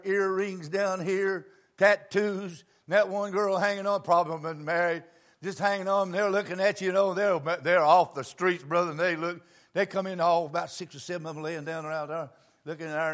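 High-voiced man preaching a folksy sermon. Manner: swings between low murmurs and fervent shouting; plain homespun phrasing with many asides.

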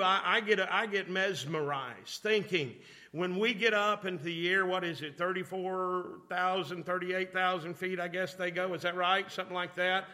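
Man preacher, high bright voice, fervent storytelling sermon with congregation call-outs.

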